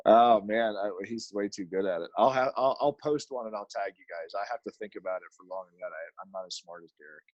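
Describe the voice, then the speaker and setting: Lively, laughing bearded man. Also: fairly low pitch, fairly quick, no echo, lo-fi sound. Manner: animated, laughs often, restarts. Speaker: podcast guest. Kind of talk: casual chat.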